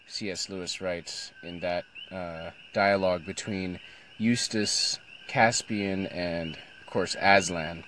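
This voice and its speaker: A man's voice: sits low, fairly even intonation, takes it slowly, fairly bright tone, slight background noise. A middle-aged man reading from a storybook and reflecting on it in a thoughtful, hesitant, moved way. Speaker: Christian speaker.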